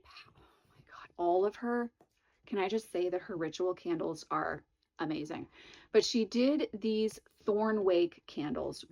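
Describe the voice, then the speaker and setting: Showing off tarot decks and candles, a woman hosts a casual vlog as a tarot reader and channel host, bursting with enthusiasm and drawing out words for emphasis. She has a mid-range voice, and the recording is dry with dull audio.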